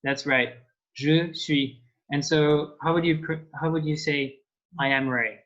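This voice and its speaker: A man's voice: on the high side, steady tone, normal speed, a bit bright. A man with a French accent teaching an online language lesson, explaining patiently with many fillers. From France. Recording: dull lo-fi call audio.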